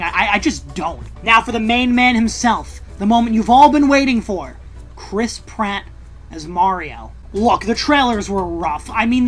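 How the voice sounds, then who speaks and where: A woman reviewing a movie in a scripted video essay, casual and wry, with sarcastic asides and the odd swear word. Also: medium pitch. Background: faint background music.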